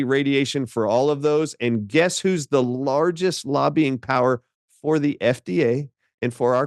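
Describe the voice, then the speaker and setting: A man speaking as a doctor guest in an interview, telling stories in an emphatic, animated way. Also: medium pitch, dry recording, studio quality.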